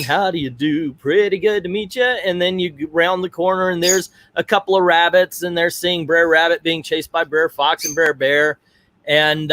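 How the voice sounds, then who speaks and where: A man's voice: a little high, a bit bright, no room sound. A middle-aged man hosting a casual livestream, chatty and digressive, turning aside to talk to his family. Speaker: livestream host.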